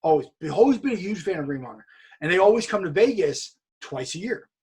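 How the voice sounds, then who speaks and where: A man's voice: high-pitched, lively intonation, fast talker, a little mellow, husky. A man from California telling a story in a casual podcast chat, acting out what other people said. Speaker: podcast guest.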